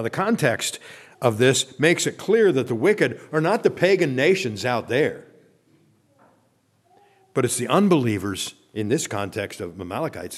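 An earnest male pastor delivers a sermon in a voice of middling pitch. He reads scripture aloud at length and leads his listeners in recitation. His voice often falls soft and low as a phrase closes. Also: slightly rough.

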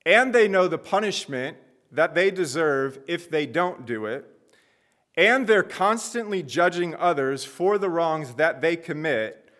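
A male preacher delivers an expository sermon at an unhurried pace. His voice sits a little higher than most men's, and he leans on key words with deliberate emphasis. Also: fairly bright tone.

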